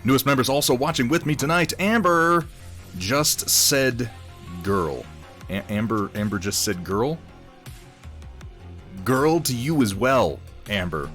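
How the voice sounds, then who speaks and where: This man paints live on stream, speaking unhurriedly in a medium-pitched, slightly bright voice with lively intonation and frequent pauses. He greets viewers in a rambling, self-mocking way, reading their names from chat, while faint music plays in the background.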